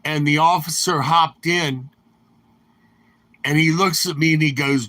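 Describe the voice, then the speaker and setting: A man's voice: a little high, fairly even intonation, a little slow, pauses often, sharp tone, dry recording. An older man telling rambling, anecdotal stories in his own voice. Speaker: storyteller. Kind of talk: rambling storytelling.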